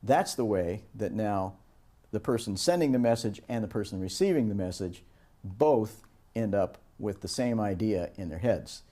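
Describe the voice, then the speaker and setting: A man teaching a course on project management, giving a lecture and bringing it to life with animated anecdotes. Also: on the low side, moderate pace. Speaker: course instructor. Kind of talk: lecture with storytelling.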